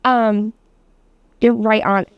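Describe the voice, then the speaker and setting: A woman's voice: fairly high pitch, little pitch movement, very slow, clear, resonant tone, no room sound, muffled recording. A woman teaching a hands-on massage therapy class, talking casually with lots of fillers and the odd swear word. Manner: casual, chatty, many fillers and laughs, swears.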